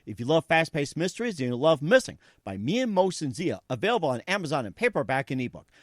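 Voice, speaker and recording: Male host, fairly high voice, quick sponsor reads, dry sound. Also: very animated, dry recording.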